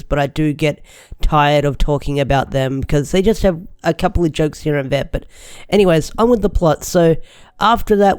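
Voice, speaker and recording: A young man talks through a casual video review with lots of enthusiasm, looping back and restarting his sentences. His voice sits a little high and comes through smooth and clear. The recording is dry and close. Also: a little mellow, no room sound. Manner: chatty, enthusiastic, rambling with restarts. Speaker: show reviewer.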